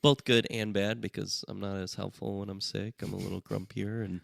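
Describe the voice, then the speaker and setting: A man co-hosting a podcast in casual chat, congested and a little nasal from a cold, talking in a relaxed, halting way. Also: lowish voice, vocal fry, no room sound, studio quality. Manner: relaxed, halting, with fillers and restarts. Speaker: podcast co-host.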